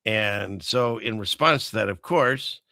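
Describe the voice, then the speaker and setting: Guy hosting a commentary show, rambly and sarcastic, bright voice, dry close sound. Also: lowish voice, measured pace, no echo. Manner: rambling, chuckling, sarcastic asides. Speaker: host.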